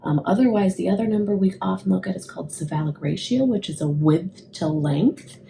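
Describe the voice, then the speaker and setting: A woman clinician calmly explaining a child's head measurements to a parent. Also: fairly low pitch, creaky, a little hiss or hum, rough recording. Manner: calm, measured explaining with fillers.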